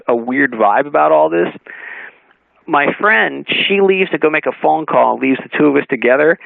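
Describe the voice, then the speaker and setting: A man calls in as a guest to tell a story. His gravelly voice comes through a thin, phone-like line with no room sound at all. He keeps it animated, acting out the dialogue and laughing often. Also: a little high, dry recording. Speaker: author and interview guest. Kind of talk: anecdotal storytelling on a radio talk show. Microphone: phone call-in. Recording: narrowband phone line, dry.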